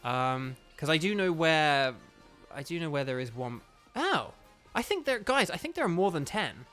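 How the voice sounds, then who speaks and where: A man's voice: on the high side, very animated, moderate pace, a bit bright, soft background music. A man with a Northern Irish accent giving casual let's-play commentary, rambling with lots of fillers and restarts. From Northern Ireland. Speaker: gaming YouTuber and voice actor.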